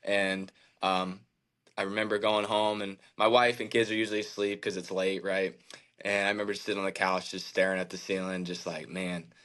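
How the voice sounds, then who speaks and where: A man's voice: sits low, little pitch movement, a bit bright. Earnest man telling a hard story. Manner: earnest, halting, many fillers and restarts; emotional, reflective faith talk. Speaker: podcast guest, baseball pitcher. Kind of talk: candid personal storytelling.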